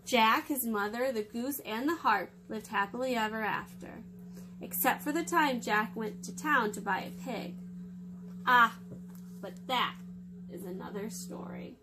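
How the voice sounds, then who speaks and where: A woman hosting storytime for children, reading a fairy tale aloud in a lively, expressive way. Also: fairly high pitch, measured pace, noisy background.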